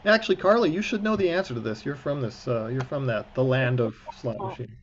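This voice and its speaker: A male cantor teaches prayer book reading in an online class over a video call, his mid-range voice moving a little fast through dull audio. He is encouraging and chatty, tossing in joking asides.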